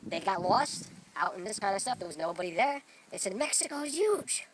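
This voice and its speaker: A man's voice: sits high, expressive, brisk, far from the mic, slight background noise, poor audio. A man in character as a grandiose self-proclaimed real Mexican, lecturing and boasting in a rambling improvised comedy monologue outdoors among trees. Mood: storytelling. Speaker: vlogger in character.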